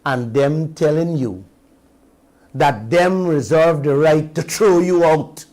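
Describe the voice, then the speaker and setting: Slow, preaching Guyanese radio host. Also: male voice, fairly high pitch, a little mellow. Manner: preaching, rhetorical questions to listeners; mixes standard English with creole. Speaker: radio talk show host. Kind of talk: impassioned radio commentary.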